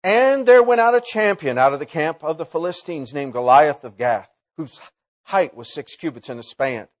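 A man preaching a sermon in a college chapel, swinging between loud emphatic lines and low quiet asides. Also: animated, normal speed.

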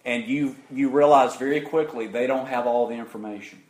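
A man preaching an interactive sermon, putting questions to the congregation in an emphatic, deliberate way. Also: medium pitch, darkish tone.

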